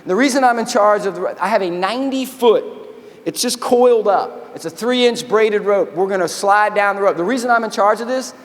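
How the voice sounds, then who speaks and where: A man giving an animated keynote talk, telling a story, acting out the quotes and calling the crowd "y'all". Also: high-pitched, moderate pace. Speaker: keynote speaker, army veteran. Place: large convention hall. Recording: long hall reverb.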